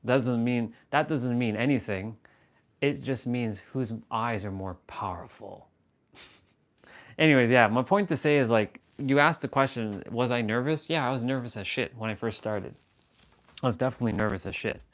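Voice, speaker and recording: A man hosts a casual livestream, chatting loosely and amused with himself. His voice sits at an ordinary middle pitch. Now and then he slows into a hushed, intense tone, speaking into a camera set on a tripod. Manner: rambling and self-amused, drops to a slow hushed intensity. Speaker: livestream host. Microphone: camera on tripod at eye level.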